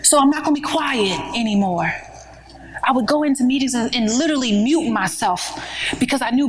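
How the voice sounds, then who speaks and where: A woman's voice: a little high, expressive, brisk, slight background noise, poor audio. A woman giving a motivational keynote talk at a conference, speaking in an emphatic, conversational preaching style with rhetorical questions. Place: conference room with an audience.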